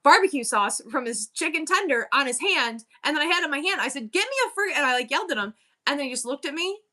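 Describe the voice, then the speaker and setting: A chatty woman in her forties hosts a live stream and talks straight to her viewers. Her voice has a bright, forward edge. She rambles and keeps breaking off her own sentences. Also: sits high, expressive, quick pace. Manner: chatty, candid, rambling with self-interruptions. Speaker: live-selling stream host. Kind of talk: casual chat to live viewers.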